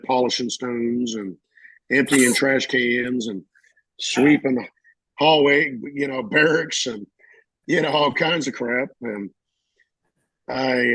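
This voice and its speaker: A middle-aged man, a veteran, telling his service stories casually and acting out the shouted lines of others. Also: mid-range voice, breathy edge, no echo, rough recording. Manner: animated, acts out shouted quotes. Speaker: veteran interviewee. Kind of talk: casual storytelling.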